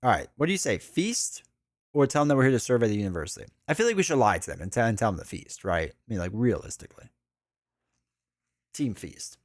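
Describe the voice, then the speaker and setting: A man's voice: mid-range voice, very animated, fast talker, no room sound, clean studio sound. A man streaming a live card game playthrough, chatting casually, reading the story aloud and joking about himself. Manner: chatty, self-deprecating, laughs often.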